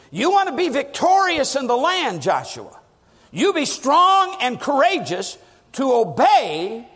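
A high-voiced man delivers a sermon with wide, lively swings of pitch. He leans hard into stressed words and sinks low for emphasis. His voice rings out with the long reverb of a large hall. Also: husky. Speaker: preacher.

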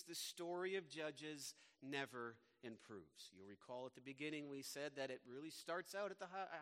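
A male pastor reading scripture and preaching a sermon in a slow, measured way. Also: on the high side, fairly bright tone. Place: church sanctuary. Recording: long reverb of a church hall.

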